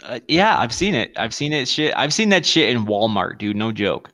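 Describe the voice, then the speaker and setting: Crude laughing podcast co-host. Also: male voice, mid-range voice, big pitch swings, normal speed, fairly bright tone. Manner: crude, laughs often, swears. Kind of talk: casual banter.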